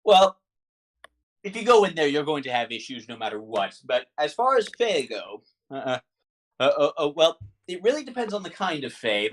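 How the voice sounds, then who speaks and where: A man running a tabletop game and answering in character, halting often with fillers and restarts. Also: mid-range voice, big pitch swings, a bit bright. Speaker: game master.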